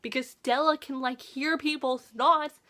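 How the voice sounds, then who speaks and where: Woman book vlogger, high voice, excitable, exasperated over a plot twist. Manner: animated, exasperated, rapid-fire retelling. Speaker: book reviewer host. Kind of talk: casual book review vlog.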